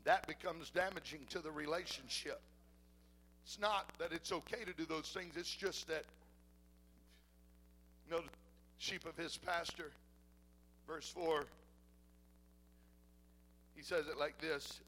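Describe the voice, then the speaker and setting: Gravelly, bright-voiced preaching pastor. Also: male voice, fairly high pitch, fairly even intonation, slow pace, long pauses, a little hiss or hum, low-quality recording. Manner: shifts between loud preaching and soft intimate talk. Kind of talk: sermon.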